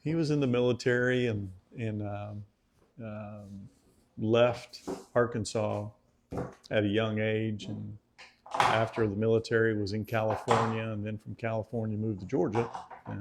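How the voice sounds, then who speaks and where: A man's voice: fairly low pitch, flat delivery, measured pace, background noise. A middle-aged man with a slight Southern accent, chatting casually and reading viewer comments aloud on a cooking channel livestream. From United States. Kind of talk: casual live-stream chat.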